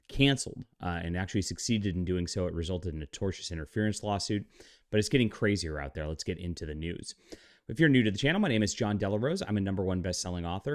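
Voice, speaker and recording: A man with a fairly low voice delivers a heated commentary rant, mocking and scoffing as he goes. He rambles, restarting his sentences with frequent "uh"s. The recording is dry and close, with no room sound. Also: no echo. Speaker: channel host and comic commentator. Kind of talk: ranting commentary vlog.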